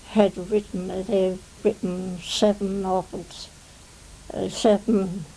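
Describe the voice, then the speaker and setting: Slow gravelly English woman in her nineties. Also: medium pitch, warm tone, slight background noise, poor audio. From England. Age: 90s. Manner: rambling, fond of "you see". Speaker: interviewee, retired stage actress. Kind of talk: reminiscing interview. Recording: 1990 television interview.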